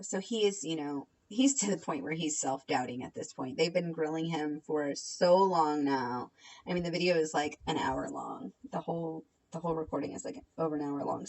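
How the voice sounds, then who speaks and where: A woman's voice: low voice, darkish tone, poor audio. A young woman recapping and reacting to online drama in a blunt, sarcastic, casual way, swearing freely. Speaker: commentary vlogger. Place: home at night.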